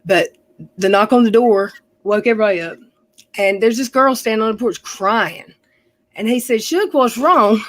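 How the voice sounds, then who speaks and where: A woman's voice: mid-range voice, normal speed, no echo, poor audio. A woman hosting a livestream, telling family stories in a rambling, chatty way and often correcting herself mid-sentence. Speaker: livestream host. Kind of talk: casual storytelling chat.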